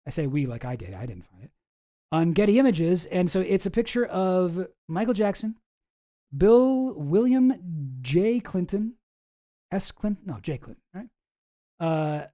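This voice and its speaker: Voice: mid-range voice, lively intonation, measured pace, dark tone. A streamer giving casual commentary on news files, rambling, sarcastic and swearing freely, with many restarts.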